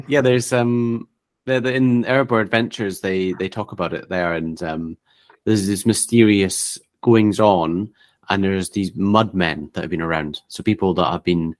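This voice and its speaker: Low-voiced man listing places on a call. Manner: reads long lists with fillers and restarts. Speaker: podcast co-host. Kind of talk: casual tabletop gaming chat. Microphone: remote call.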